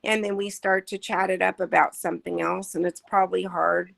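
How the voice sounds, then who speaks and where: A woman on a casual panel call speaks calmly and offers an idea to the group. Her voice has a gravelly fry. The sound is dry and close. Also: on the low side, fairly quick, no room sound. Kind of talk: casual chat on a video call.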